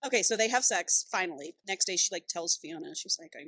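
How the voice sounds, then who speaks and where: A woman's voice: lowish voice, lively intonation, quick pace, pushed and bright, low-quality recording. A woman co-hosting a podcast in casual chat, retelling a book's scenes with plenty of profanity and quoted character lines. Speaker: podcast co-host. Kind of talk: casual chat, recapping a book.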